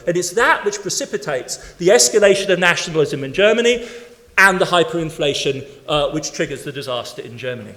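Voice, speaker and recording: A man's voice: on the high side, expressive, brisk, a bit bright. A man giving a keynote academic lecture to an audience in a conference hall. He speaks emphatically, building his points in rhythmic lists.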